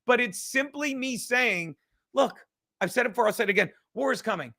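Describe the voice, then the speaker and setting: A man's voice: very high-pitched, animated, brisk, vocal fry, pushed and bright. A man hosting a podcast livestream, ranting in a heated, rambling way and swearing constantly. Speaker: podcast host. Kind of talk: profane livestream rant.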